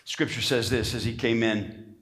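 The preacher here is a man with a mid-range voice, fairly even intonation, and a normal speed. In a church sanctuary he delivers an emphatic sermon, calling out for amens and rising to shouts.

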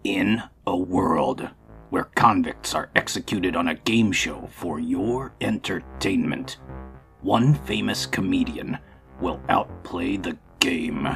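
A booming, gravelly trailer announcer, put on by a man for a parody movie trailer, rolling out each phrase slowly and gravely. His voice sits very low with a rough, crackling edge. Faint music plays underneath. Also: fairly bright tone, full character voice. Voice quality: gravelly, booming, drawn-out delivery.

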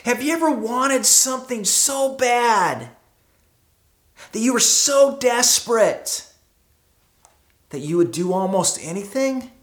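A pastor preaching a sermon, shifting between loud emphatic moments and quiet hushed ones, and repeating words for emphasis. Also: medium pitch, animated, slow pace, long pauses, reverberant. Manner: dramatic, swings from loud to hushed. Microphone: streamed service mic.

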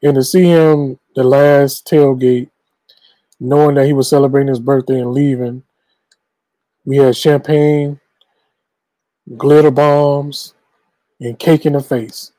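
A man co-hosting casual sports talk in an animated, playfully indignant way. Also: mid-range voice, slow, long pauses, no room sound, low-quality recording. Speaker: co-host.

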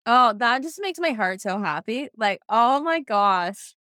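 A woman's voice: fairly high pitch, animated, a little slow, bright, forceful tone, clean tone, dry recording, clean studio sound. A woman co-hosting a podcast, effusive and gushing as she tells a story in casual chat.

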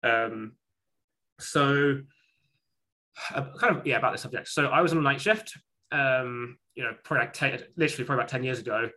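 A man with a bright, forceful voice chats casually. He tells a story in a rambling way, stopping and restarting often. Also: medium pitch, a little fast, pauses often. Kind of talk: casual conversation.

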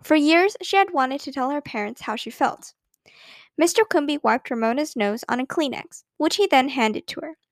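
A woman narrating a children's story in an expressive reading voice. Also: sits high, moderate pace, no echo, clean studio sound. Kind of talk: scripted narration.

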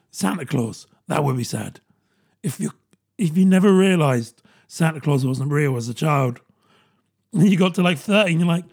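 A man's voice: a little high, vocal fry, darkish tone, breathy edge. A British man in his thirties, rambling and self-mocking in a casual comedic monologue, laughing often. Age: 30s.

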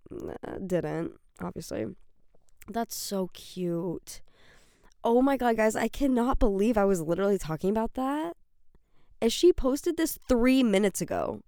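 A woman's voice: mid-range voice, warm tone, clear, resonant tone, dry recording, clean studio sound. A young woman hosting a solo podcast, rambling and gushing with many fillers and self-corrections. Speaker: podcast host. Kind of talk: solo chatty podcast rant.

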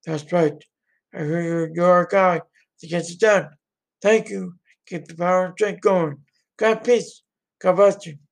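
A man's voice: high-pitched, measured pace. A man voicing an older male American president giving a rambling pep talk to a soldier in an amateur solo role-play. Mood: warm.

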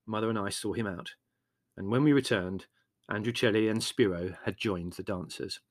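Low-voiced male audiobook narrator. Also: moderate pace. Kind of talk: scripted narration.

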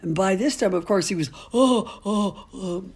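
An older woman with a husky, slightly breathy voice speaks as an interviewee. She tells stories in a candid, outspoken way. Her talk is full of ums and restarts. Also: mid-range voice, moderate pace, a little mellow. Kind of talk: casual storytelling.

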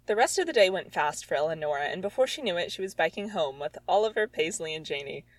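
A woman's voice: lowish voice, expressive, fast, no room sound, poor audio. A woman reading her own childhood story aloud, with sarcastic, exasperated comic asides. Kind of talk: comedic reading with commentary.

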